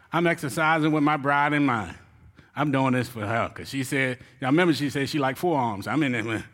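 A man, a church elder, giving a joking, animated sermon on marriage to his congregation. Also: high voice. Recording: reverberant hall.

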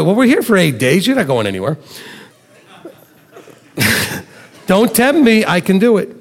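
A middle-aged man leads a Bible teaching in a loose, chatty way and leans on everyday stories to make his points. His voice sits high for a man. The sound rings with a long reverb, as if recorded in a hall. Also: huge pitch swings, unhurried, long pauses. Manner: conversational, tells homely stories, chuckles. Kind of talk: live-streamed Bible teaching.

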